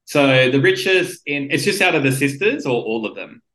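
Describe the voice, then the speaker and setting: A man chats on a podcast with a bright, forceful tone. He spins stories with playful, self-assured asides. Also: medium pitch, expressive, moderate pace, roomy sound, low-quality recording. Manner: joking, storytelling, self-assured. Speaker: podcast co-host. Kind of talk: casual chat.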